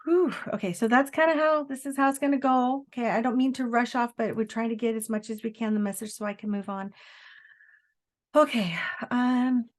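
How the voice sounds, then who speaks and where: A woman psychic medium gives a live reading, feeling her way through each message with fillers and restarts. Her voice sits fairly high. She often slips into quoting the spirit in first person. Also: steady tone. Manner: halting, searching delivery with many fillers and restarts.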